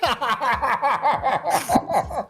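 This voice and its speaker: A man hosting a stream, giving casual reaction commentary in an animated, mocking way and laughing often. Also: very high voice, drawn-out words, over loud music. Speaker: streamer host.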